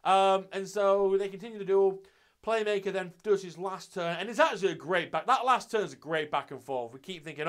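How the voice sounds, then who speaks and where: Sweary man, slightly higher voice. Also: a little fast, fairly bright tone. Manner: loose and sweary, with frequent restarts. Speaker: anime reviewer and channel host. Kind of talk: casual spoken review.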